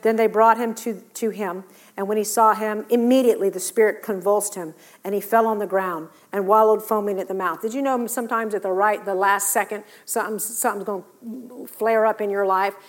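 Animated woman preaching a sermon. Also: mid-range voice, fairly quick, few pauses. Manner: animated storytelling, acting out scripture voices.

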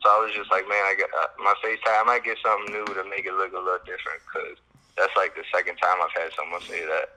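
A man's voice: low-pitched, level tone, quick pace, bright, forceful tone, a little hiss or hum, rough recording. A man from Chicago, a musician guest, telling a story in a loose, laid-back way with lots of fillers and swearing. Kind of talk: casual storytelling interview.

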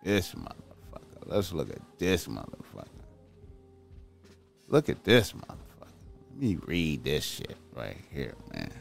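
Profane, rambling man with lively pitch. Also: unhurried, creaky, pauses often, faint music behind. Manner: rambling, repetitive, bursts into high-pitched incredulous outbursts. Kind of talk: profane casual commentary.

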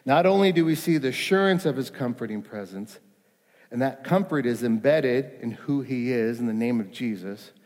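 A man preaching a sermon, emphatic, his voice rising in pleading questions and sinking to quiet reassurance. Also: medium pitch, normal speed, long reverb tail. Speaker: pastor.

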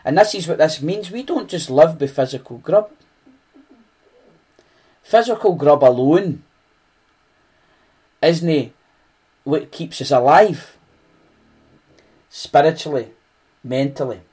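Slow, earnest Scottish preacher. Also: male voice, a little high, mellow, slightly rough. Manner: earnest, conversational, with frequent restarts. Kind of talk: sermon.

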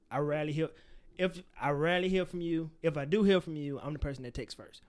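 Quick and fairly high-pitched, a young male podcast co-host talks candidly through friendship advice on a casual show. He's animated, swears freely, and acts out the lines he quotes.

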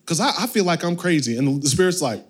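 A man in his thirties, a pastor preaching a sermon and telling a family story with animated, sudden shifts between loud and soft. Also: a little high, quick pace, slightly rough.

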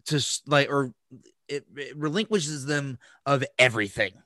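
A man's voice: medium pitch, normal speed, sharp tone, no echo. A man hosting a podcast, telling a story in a casual, profane way that rambles with many restarts. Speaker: podcast host.

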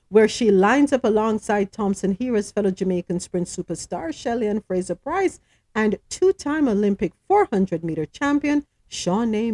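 In a dry recording, a woman with a mid-range, darkish voice hosts a news podcast. She reads the stories aloud, chats and adds her own comments, puts questions to her co-hosts, and stumbles over names.

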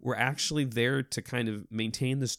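Animated man telling hospital clown stories. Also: mid-range voice, moderate pace, dry recording, studio quality. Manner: animated, lively storyteller with many restarts. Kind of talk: podcast interview storytelling.

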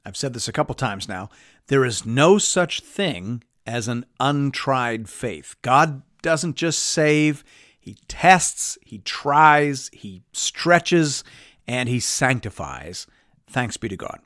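A man preaching, reading a Bible passage aloud and stopping to explain it in a measured, teaching way. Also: mid-range voice, animated, a bit bright, no echo, studio quality. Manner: measured, explanatory, reads scripture aloud with emphasis.

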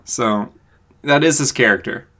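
A man's voice: mid-range voice, a little slow, bright, forceful tone. Laid-back man chatting about comics. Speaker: podcast co-host. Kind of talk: casual comic book review chat.

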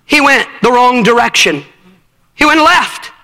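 A man's voice: very high voice, expressive, measured pace, bright, forceful tone. A man preaching a fervent sermon at a youth conference, directing helpers through a live demonstration on stage. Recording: long hall reverb.

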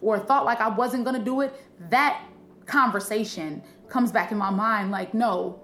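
A woman comedian from Illinois, telling a story in animated, profane casual chat. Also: fairly high pitch, moderate pace, echoey room, a little hiss or hum. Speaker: comedian guest.

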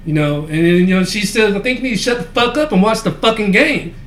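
A man's voice: sits high, lively intonation, quick pace, a bit bright. A man co-hosting a podcast, telling a rambling, profane story in casual chat, full of fillers. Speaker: podcast co-host. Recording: echoey room with faint ambient noise.

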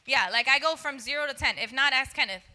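A woman's voice: high-pitched, fast, bright, forceful tone. A woman giving a conversational sermon, talking straight to her audience and acting out little dialogues. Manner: chatty, acts out dialogues with laughs; addresses audience directly. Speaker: church speaker.

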